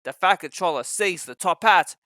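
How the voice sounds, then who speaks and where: Bright-voiced man reading a storybook. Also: sits high, normal speed, dry recording. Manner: expressive, acting out every character. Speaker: narrator. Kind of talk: reading a children's storybook aloud.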